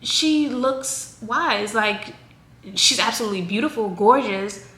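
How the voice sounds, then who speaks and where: A woman in her thirties talking casually to camera in a chatty, rambling, animated way. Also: mid-range voice, moderate pace. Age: 30s. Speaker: vlogger. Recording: echoey room with faint noise.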